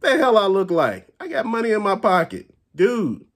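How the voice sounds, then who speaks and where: A man's voice: sits high, moderate pace. A man ranting casually and bluntly to his viewers about a bad store visit, cursing often and talking directly to them. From Chicago area. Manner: animated, blunt, curses often. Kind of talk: casual profane rant.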